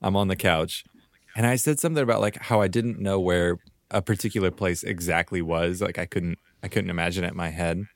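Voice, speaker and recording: A man's voice: deep voice, brisk, dry recording, studio quality. A man podcast co-host telling a funny story in casual chat.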